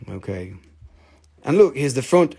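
Gravelly, joking man hosting a sale. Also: mid-range voice, big pitch swings, unhurried, mellow. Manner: joking, rambling, swears freely, teases himself. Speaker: host of a live crystal sale stream. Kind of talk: casual live selling chat.

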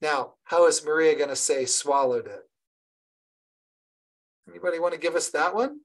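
A woman leading an online training session for early childhood educators, lively and encouraging, often restarting her sentences. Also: sits low, normal speed, low-quality recording. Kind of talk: online professional development session.

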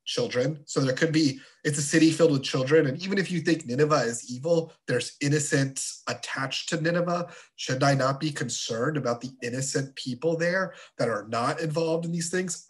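A man teaching a confirmation class of teenagers in a relaxed, chatty way with playful asides. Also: fairly high pitch. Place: church.

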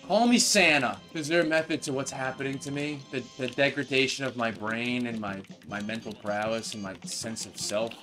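A young man giving live commentary as he plays a video game, frustrated, yelling at the boss and rambling in jokes. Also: medium pitch, moderate pace, few pauses, soft background music. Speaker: gamer playing a video game.

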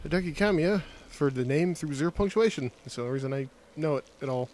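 A gameplay streamer offers sardonic, profane commentary while playing a video game, tossing out mumbling asides in a casual way. His voice is on the high side, expressive, and a little mellow, he talks fast, and there's a little hiss or hum.

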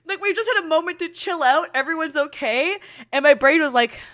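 A young woman with a high, bouncy voice that swings all over the place as she reacts to an anime. She giggles through her words and laughs herself to tears, calling herself dumb and swearing casually. She talks into a desk mic. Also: lively intonation, fairly quick, fairly bright tone. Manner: giggly, self-mocking, swearing freely.

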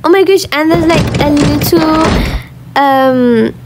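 A woman hosting her own channel, giving excited, gushing commentary while exploring a game, often gasping and squealing. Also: high-pitched, takes it slowly, heavy background noise.

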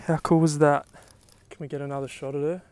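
A young man talking outdoors on the water while fishing, exclaiming excitedly to the camera. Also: fairly high pitch, quick pace, clean tone, no echo. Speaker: fishing vlogger.

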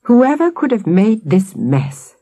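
A woman voicing a man who leads a cub scout troop, telling ghost stories in a hushed, spooky way. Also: on the low side, wildly swooping pitch, unhurried, breathy edge, full character voice. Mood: firm. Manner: spooky hushed storytelling, hissing.

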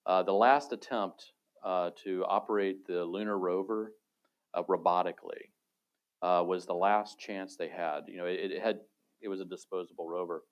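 A middle-aged man, a retired space robotics engineer, telling stories in a relaxed panel talk with self-amused asides. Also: sits low, moderate pace, highs cut off.

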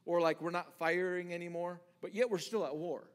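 A man's voice: sits high, fairly even intonation, a little fast. A man pastor preaching a sermon in a conversational way, often restarting words and acting out lines from scripture.

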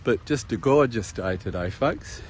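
A man's voice: mid-range voice, lively intonation, moderate pace, a little mellow. Aussie guy chatting while he walks a beach park, filming himself, bit of outdoor noise behind. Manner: chatty, rambling, addresses viewers as folks. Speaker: travel vlogger. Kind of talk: casual walking tour commentary. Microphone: handheld camera while walking.

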